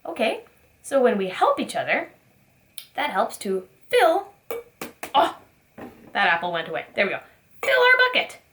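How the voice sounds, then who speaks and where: A woman's voice: fairly high pitch, huge pitch swings, a little slow, long pauses, a little hiss or hum. Sing-song preschool teacher woman. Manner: warm sing-song teacher voice, asks children questions. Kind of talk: circle time lesson for young children.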